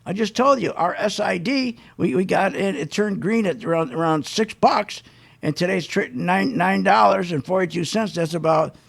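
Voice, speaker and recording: A male radio host in full rant mode, hammering his points over and over. His voice sits high for a man and carries a rough, gravelly texture. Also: normal speed. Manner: fired-up, emphatic, repeats himself, mocks others' words. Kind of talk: live call-free market commentary rant.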